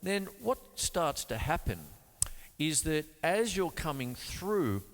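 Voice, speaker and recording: A man's voice: fairly high pitch, sing-song, slow. A man from Australia hosting a casual drum lesson, talking loosely through ideas and scatting beat syllables between demonstrations. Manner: chatty, loose explanations with sung beat syllables. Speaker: drum teacher and show host. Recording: long hall reverb with loud drums. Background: drum kit playing.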